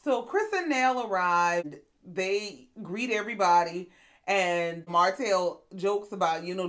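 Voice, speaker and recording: A woman hosting a casual reality TV recap, telling the story in a sassy, animated way and acting out the quotes. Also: mid-range voice, slow. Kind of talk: casual commentary.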